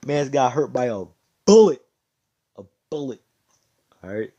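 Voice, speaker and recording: A man's voice: mid-range voice, sing-song, unhurried, mellow, lo-fi sound. A man casually telling a fan-made story in loose slang, full of swearing and fillers.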